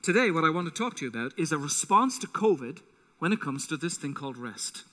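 A man preaching a sermon as pastor, animated and acting out quotes with a rising voice, in a church auditorium. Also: a little high, fast. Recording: long hall reverb.

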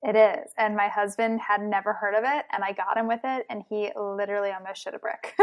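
A young woman co-hosting a podcast, chatting playfully with quick laughs. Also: mid-range voice, steady tone. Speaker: podcast co-host. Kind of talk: casual chat.

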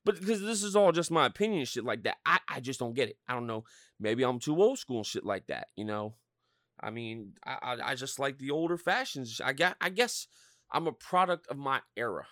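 A man's voice: mid-range voice, a little fast, dry recording, studio quality. A man in his thirties hosting a podcast, ranting casually with lots of swearing and filler words. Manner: profane, animated ranting with frequent fillers. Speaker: podcast host. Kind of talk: casual rant.

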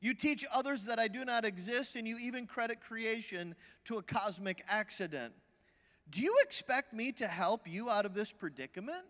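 A man's voice: sits high, expressive, normal speed, a bit bright, voice pushed up. A man voicing a solemn voice from heaven in a sermon story, in an echoing hall. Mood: stern.

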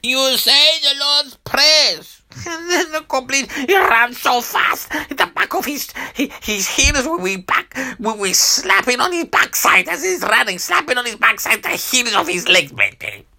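A woman quiz contestant who rambles excitedly in broken English. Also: high-pitched, unhurried.

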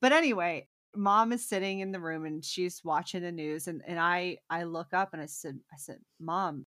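A young adult woman co-hosting a casual chat podcast, telling stories in an animated, profane way with emphatic bursts. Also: lowish voice, moderate pace, no echo, clean studio sound. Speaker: podcast co-host.

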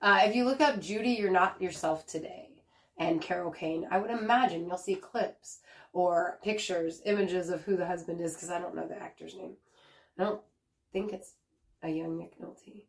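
A woman's voice: lowish voice, moderate pace. A woman co-host chatting loosely on a podcast. She rambles from one thought to the next, swears freely and breaks into laughter often. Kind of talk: casual chat.

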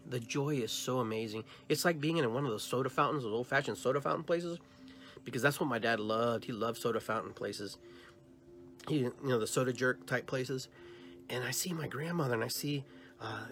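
Male podcast host, mid-pitched, tells a dream as a story and voices the dialogue he quotes. Soft music underneath. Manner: animated storyteller who acts out quoted dialogue.

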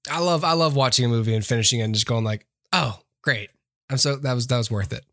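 A man's voice: mid-range voice, racing, a bit bright, no echo, clean studio sound. A man co-hosting a casual movie podcast, rambling and enthusiastic, often restarting his sentences. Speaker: podcast co-host. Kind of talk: casual chat about movies.

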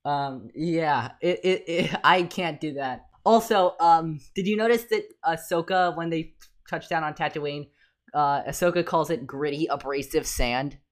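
Low-voiced woman ranting as podcast co-host. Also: a little slow. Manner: animated, exasperated rants, frequent restarts. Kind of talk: casual fan discussion.

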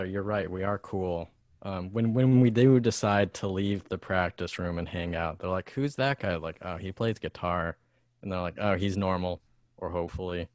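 A young American man with a fairly low voice talks in a loose, rambling way, dropping fillers as he goes. His tone is upbeat and friendly, and the recording is dry and close. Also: no room sound. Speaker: host, guitarist. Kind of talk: casual chat.

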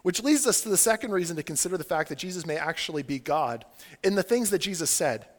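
Animated high-voiced male preacher. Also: quick pace, in a large hall. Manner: animated, casual, filler-heavy with "like", acts out quoted voices. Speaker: pastor. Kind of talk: sermon.

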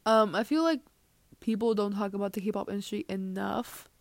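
A woman's voice: mid-range voice, steady tone, normal speed, no room sound. A young woman hosting a podcast, rambling through a casual, joking rant and dropping into whispered asides. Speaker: podcast host.

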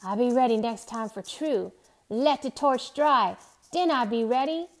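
A woman's voice: a little high, measured pace. Woman doing an old seaman. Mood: reassuring. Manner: loud, urgent calls with a lilting dialect. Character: old weathered Caribbean seaman, steady and protective.

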